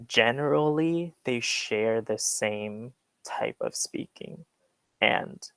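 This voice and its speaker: A man's voice: medium pitch, gravelly, dry recording. A young man explaining accents to a class over a video call, with hesitant, filler-heavy speech. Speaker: guest English speaker.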